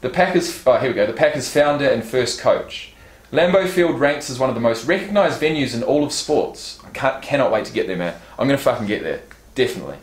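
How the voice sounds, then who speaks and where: A man's voice: mid-range voice, sing-song, brisk. A man casually unboxing fan gifts on his vlog, reading card stats and a letter aloud and swearing now and then. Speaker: YouTube vlogger. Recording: roomy echo.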